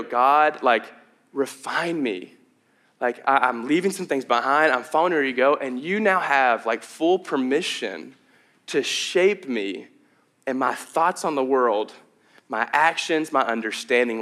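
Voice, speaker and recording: A young adult man with a mid-range, sharp-toned voice preaches a sermon as a pastor, sounding out of breath. His delivery is conversational and earnest, filled with frequent fillers and restarts.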